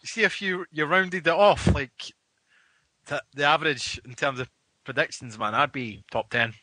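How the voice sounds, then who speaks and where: A man's voice: on the high side, moderate pace, sharp tone, no room sound. A man joking in a laid-back way during casual boxing chat.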